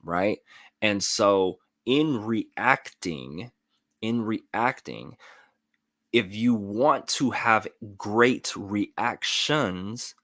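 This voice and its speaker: A man's voice: lowish voice, fairly bright tone, dry recording, clean studio sound. A man hosting a live motivational talk, explaining earnestly and often checking in with "right?". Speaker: motivational show host.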